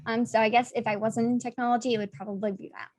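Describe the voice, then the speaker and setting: Woman guest chatting, lots of ums and giggles, bit high voice, dry room. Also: little pitch movement, fast, no room sound. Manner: warm, frequent ums and giggles. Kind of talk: casual interview chat.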